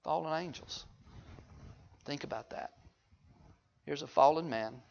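A man preaching a sermon, swinging from hushed low asides to loud, high-pitched exhortation. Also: measured pace, gravelly, highs cut off, a little hiss or hum. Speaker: pastor.

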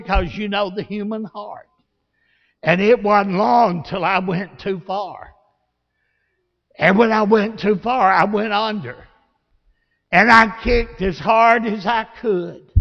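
A man preaches in a high voice, swinging from hollered cries to hushed pleas. He takes his time over each phrase. The sound is muffled and rings with a long church-hall reverb. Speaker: pastor. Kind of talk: sermon with personal storytelling. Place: church sanctuary.

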